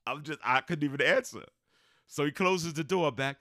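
The man's voice sits on the higher side and moves at a moderate pace, captured as clean studio sound with no echo. Co-hosting a podcast, he tells a long story in a casual chat, animatedly acting out the people involved.

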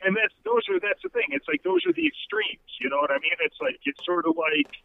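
A man calls in to a podcast as a guest and chats casually. His voice is high and gravelly, and it swings widely in pitch as he swears and piles up fillers. He comes through a thin, tinny phone line. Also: wildly swooping pitch, brisk, slight background noise. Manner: profane, filler-heavy talk. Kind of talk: casual chat.

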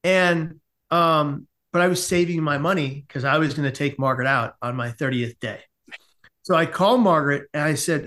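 A man with a somewhat high voice tells a comic story as a podcast guest. He is animated and acts out each person in the tale. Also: normal speed. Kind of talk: storytelling in casual conversation.

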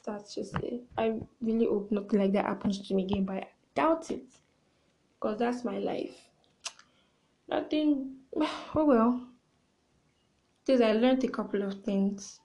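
A young woman hosting a podcast, chatting through a casual story in an expressive way and sometimes dropping into hushed asides. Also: a little high, unhurried, creaky, long pauses, rough recording. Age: young adult. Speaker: podcast host.

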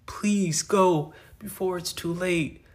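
A man voicing a badly wounded dying father who speaks slowly in a strained, pained voice. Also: high-pitched, fairly even intonation, darkish tone, voice pushed up. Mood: pained, pleading. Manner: slow, strained, pained pleading.

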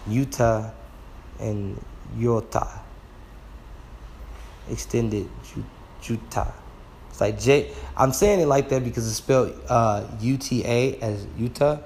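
Slow, wondering man studying word roots. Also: mid-range voice, darkish tone, a little hiss or hum. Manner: slow, exclaims wow, sounds out words. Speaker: Bible word-study teacher. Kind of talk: casual Bible word study.

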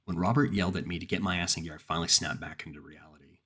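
A man narrating a horror story in the first person, slow and grave. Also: sits low, fairly even intonation, sharp tone, husky.

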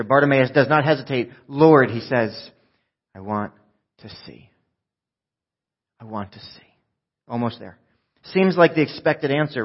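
A man preaching a sermon in a conversational way, swinging from loud shouts down to hushed, quiet speech. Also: medium pitch, highs cut off. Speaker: pastor.

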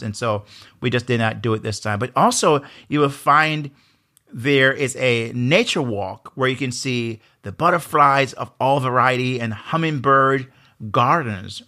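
A man's voice: mid-range voice, bright, forceful tone. A man with a Jamaican accent hosting a motivational leadership podcast, earnest and emphatic, often asking rhetorical questions. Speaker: podcast host.

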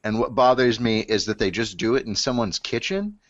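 A man's voice: medium pitch, fairly quick, dry recording, muffled recording. A man co-hosting a podcast, rambling and joking in casual chat. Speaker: podcast co-host.

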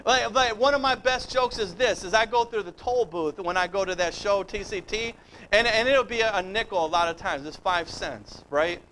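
A middle-aged man with a notably high voice delivers a sermon. He talks in a loose, conversational way and slips into quoted dialogue as he tells stories. A faint hum of ambience sits behind him. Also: normal speed, bright, forceful tone, rough recording. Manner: conversational, storytelling, acts out dialogue. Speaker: preacher.

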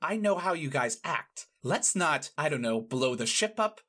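A man voicing a stern, no-nonsense woman lieutenant laying down the rules for new recruits in a tabletop game. The tone is bright and firm, pitched a little above his usual voice. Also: big pitch swings, unhurried, exaggerated voice. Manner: briefing, firm and instructive. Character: stern female naval lieutenant instructor.

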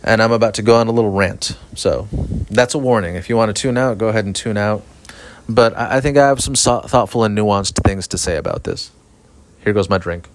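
A man hosting a casual solo podcast, ranting in a flat, monotone way, swearing often and rambling. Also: fairly low pitch, fairly quick. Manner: profane, rambling, self-aware. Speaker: podcast host. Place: outdoors at night near an apartment complex. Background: sprinklers.

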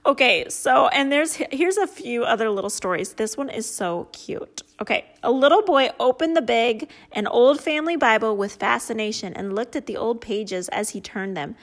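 A woman's voice: a little high, moderate pace, hardly any pauses. A woman hosting a casual chat and reading out funny stories, often breaking into laughter at them. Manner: giggly, often laughs at what she reads. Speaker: host; parent.

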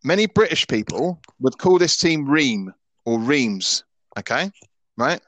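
A man's voice: fairly high pitch, animated, normal speed, dry recording. Chatty Scottish man in his thirties. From Scotland. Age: 30s. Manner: chatty, stammers and restarts often, opinionated. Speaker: football podcast host. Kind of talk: casual podcast chat.

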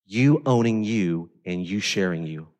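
Pastor guy preaching, lowish voice, chatty with lots of "like", gets loud then goes quiet, long hall echo. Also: lively intonation, measured pace. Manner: conversational, swings from intense emphasis to quiet storytelling. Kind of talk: sermon.

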